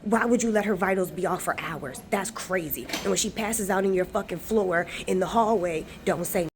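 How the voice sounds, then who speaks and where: Noise fills the background as a travel vlogger vents on her phone from a hospital emergency waiting room, furious and profane. Her voice is lowish and her pace is normal in this angry rant.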